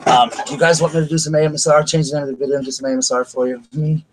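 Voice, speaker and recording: A man's voice: fairly high pitch, fairly even intonation, very fast, rough recording. Chatty man live-streaming. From South Carolina, USA. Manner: rambling, chatty, talks straight to viewers. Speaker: vlogger. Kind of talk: casual live-stream chat. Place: home bedroom at night.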